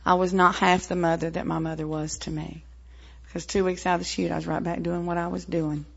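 A woman in her forties with a Southern American accent gives a plainspoken personal testimony to a meeting. Her lowish voice is gravelly with fry, and it comes through a dull, lo-fi recording. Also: flat delivery, fairly quick. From American South, Tennessee-Mississippi line. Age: 40s. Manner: frank, plainspoken, with fillers and wry laughs. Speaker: recovery meeting speaker.

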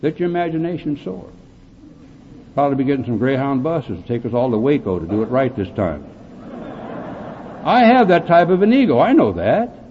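A man's voice: mid-range voice, big pitch swings, normal speed, long pauses, big-room sound. Blunt man telling his recovery story, tinny. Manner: blunt, gruff storytelling with dark humor. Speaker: AA speaker. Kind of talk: recovery meeting talk. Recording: tinny phone-like recording with faint hiss.

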